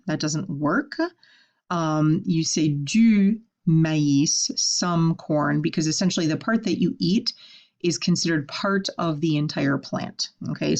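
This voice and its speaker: A woman teaching a French vocabulary lesson, saying each word slowly and then explaining it in casual English. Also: sits low, a little mellow, dull audio.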